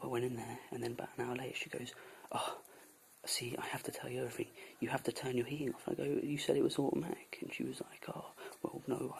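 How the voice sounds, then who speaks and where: Exasperated young man, gravelly whispered rant. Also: medium pitch, a little mellow, a little hiss or hum, poor audio. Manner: exasperated, often drops to a whisper. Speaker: volunteer traveller reviewing a host. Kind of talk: casual venting vlog. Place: indoors at a host's house.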